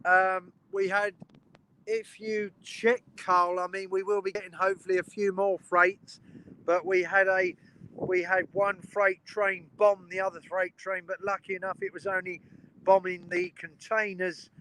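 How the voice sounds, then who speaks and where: Male live streamer outdoors by the tracks, high and chatty, faint wind behind. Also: flat delivery, unhurried, sharp tone, rough recording. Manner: chatty and enthusiastic, greets viewers by name. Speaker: train spotting live streamer. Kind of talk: casual live-stream commentary. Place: outdoors beside a railway line by a river.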